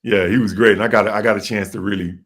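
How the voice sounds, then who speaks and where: Deep-voiced American man telling stories. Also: quick pace. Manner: animated storyteller who acts out voices. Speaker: guest. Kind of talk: casual interview storytelling.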